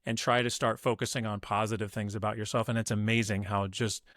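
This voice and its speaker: A man's voice: on the low side, level tone, fairly quick, fairly bright tone, no room sound, studio quality. A man speaking as a podcast guest in an upbeat, motivational way, acting out what people say. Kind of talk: conversational interview.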